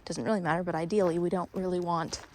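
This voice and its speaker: A woman's voice: steady tone, fast talker, a little mellow, slight background noise. Out-of-breath woman dog trainer explaining. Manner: explains while walking, breaks off to praise the dog in a high voice. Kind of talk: instructional training walk-through. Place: outdoors on a walk with a dog.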